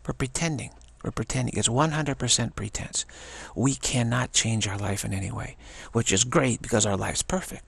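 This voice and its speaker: Older man, spiritual teacher; gravelly, husky, halting delivery, dry close sound. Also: mid-range voice, fairly bright tone, no echo. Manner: repetitive, stammering restarts. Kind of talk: spiritual talk.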